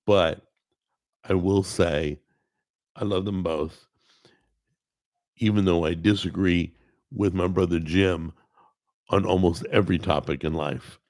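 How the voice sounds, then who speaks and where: A man's voice: deep voice, fairly even intonation, slow pace, pauses often, darkish tone, no echo. A man hosting a live stream, chatting casually and rambling, greeting people in the chat and often correcting himself. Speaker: host.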